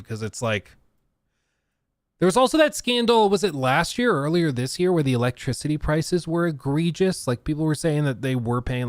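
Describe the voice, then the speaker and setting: A man's voice: medium pitch, no echo. Man, gaming streamer, casual rambling chat, laughs a lot, dry close mic.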